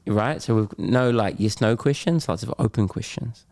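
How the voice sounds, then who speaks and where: In clean studio sound with no echo, a middle-aged Muay Thai champion from New Zealand guests on a podcast. He talks candidly and casually, with slang and laughs, in a lowish, gravelly, slightly mellow voice at normal speed.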